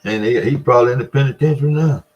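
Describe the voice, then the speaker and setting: A man's voice: mid-range voice, very fast, lo-fi sound. A man telling a folksy story in casual talk, laughing often as he spins his yarn. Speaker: storyteller, former store owner.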